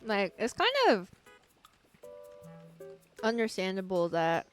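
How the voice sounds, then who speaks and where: A woman's voice: mid-range voice, takes it slowly. A woman streaming a video game, chatting casually with her viewers, full of filler likes and laughing at herself. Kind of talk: casual gameplay livestream chat. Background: game music.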